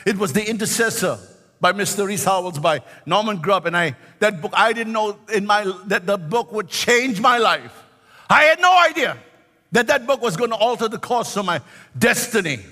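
A man in his sixties delivers a fervent sermon with a high, bright voice. He stretches key words into a sing-song lift and keeps punctuating with hallelujahs. The sound carries a long reverb, as in a large hall. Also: normal speed. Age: 60s. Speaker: pastor.

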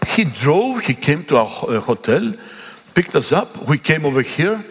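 A middle-aged man from Greece with a Greek accent, preaching a sermon and telling a story with emphatic, animated delivery. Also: on the high side, moderate pace, breathy edge. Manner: animated, emphatic, acts out dialogue. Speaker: pastor. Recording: echoey hall.

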